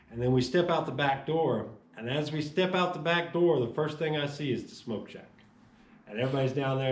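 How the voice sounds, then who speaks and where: A man shares his life testimony in a lively storytelling way, jumping into the voices of the people he met. His voice sits at an ordinary middle pitch. The sound carries a noticeable room echo. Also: distant mic. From Chicago. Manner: animated storyteller acting out dialogue. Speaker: testimony speaker. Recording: echoey room.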